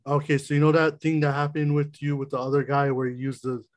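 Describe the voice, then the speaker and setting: A man's voice: fairly high pitch, completely flat delivery, fast. A man running a tabletop role-playing game as game master, laughing often and restarting his lines.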